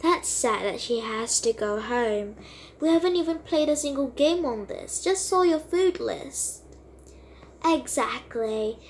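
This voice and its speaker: A woman's voice: a little high, animated, slow, a little hiss or hum. A woman playing and narrating a toy role-play game, talking casually to her viewers.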